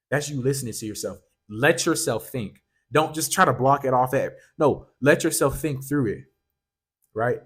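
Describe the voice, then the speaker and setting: A man with a slightly husky voice hosts a motivational podcast. He speaks straight to the listener in a loose, earnest, coaching tone, doubling back on his words and leaning on "like" and "right?" as he goes. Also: medium pitch. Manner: casual, repeats himself, fills with "like" and "right?". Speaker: podcast host.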